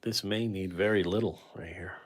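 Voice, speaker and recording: A man's voice: sits low, steady tone, normal speed. A man hosting a painting livestream, chatting casually with viewers and musing self-critically about his work.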